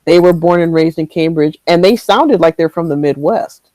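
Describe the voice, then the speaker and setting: Woman panelist, casual podcast chat, soft trailing delivery, dry close sound. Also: on the low side, moderate pace, no echo, rough recording. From Michigan, USA.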